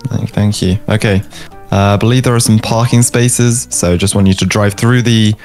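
A man's voice: lowish voice, steady tone, moderate pace, darkish tone, soft background music. A man playing a polite, exasperated driving examiner in a joking game session. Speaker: game guest. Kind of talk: comedic role-play as driving examiner.

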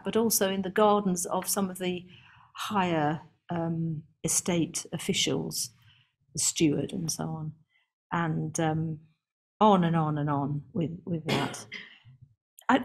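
A woman with a fairly low speaking voice gives a seminar lecture as a garden historian. She talks in a chatty, amused way, with plenty of ums and restarts as she works through long lists. It sounds like a live talk to a room with listeners also joining online. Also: a little mellow.

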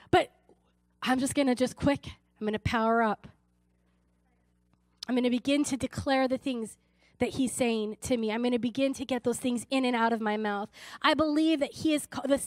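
A woman's voice: high voice, dry recording. A woman pastor preaching a sermon, earnest and personal, telling stories with frequent restarts. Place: church service.

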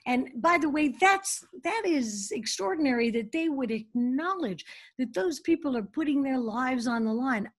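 Lively older woman, high voice. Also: moderate pace, hardly any pauses. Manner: theatrical, lively, jumps between thoughts. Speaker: guest. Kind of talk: casual interview chat.

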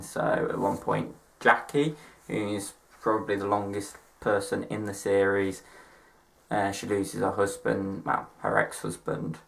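A man's voice: on the low side, vocal fry, sharp tone. A young man chatting casually to camera as a vlogger, rambling along with self-mocking asides. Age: young adult.

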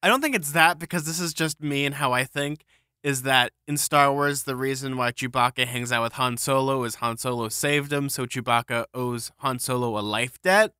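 Bright-voiced rambling man co-host. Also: mid-range voice, normal speed, smooth, no room sound, studio quality. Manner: rambling, enthusiastic, full of fillers and pop-culture comparisons. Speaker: podcast co-host. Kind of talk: casual book-discussion chat.

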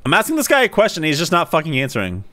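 A man's voice: on the high side, wildly swooping pitch, rapid-fire, bright, forceful tone. A young man streaming a game in casual chat, swearing a lot and laughing at other players. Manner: profane, laughs often, mocks other players. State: sleepy.

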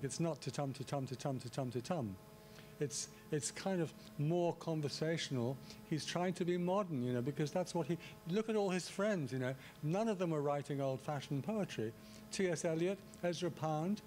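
A man's voice: fairly high pitch, mellow, slight background noise. A man giving a public lecture on translation, talking in a loose conversational way with frequent restarts and asides. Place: lecture hall.

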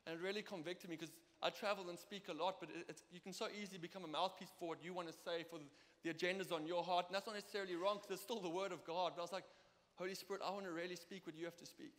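A young man with a South African accent preaching a sermon in a church, telling lively stories and acting out the dialogue. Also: sits high, racing. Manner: lively, storytelling, acts out dialogue. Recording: long reverb of a church hall.

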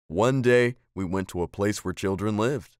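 A gentle father and former soldier tells a bedtime story, as a man puts him on. His deep voice is soft and unhurried. The sound is dry and close. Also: dry recording, close to an everyday voice. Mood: calm.

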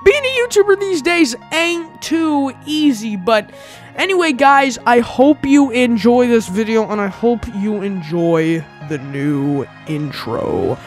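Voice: medium pitch, animated, slow pace. Brief: a chatty young YouTuber rambling through an intro over faint music. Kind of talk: casual video intro.

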